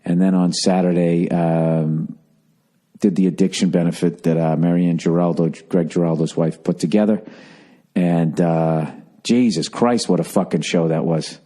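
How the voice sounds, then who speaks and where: Low, mellow man ranting quietly. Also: steady tone, normal speed. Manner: profane, sardonic, talking quietly. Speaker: podcast host. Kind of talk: rambling casual monologue. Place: at home, indoors.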